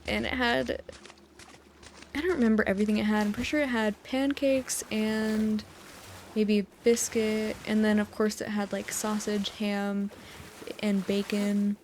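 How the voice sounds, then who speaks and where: A woman's voice: medium pitch, steady tone, unhurried, darkish tone, a little hiss or hum. A young woman in her twenties from the US, chatting and telling meandering stories with frequent giggles while she plays a game at home on a close dynamic mic. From United States. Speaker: gaming YouTuber. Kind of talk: rambling sleep-time gameplay chat. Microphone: USB dynamic mic close up.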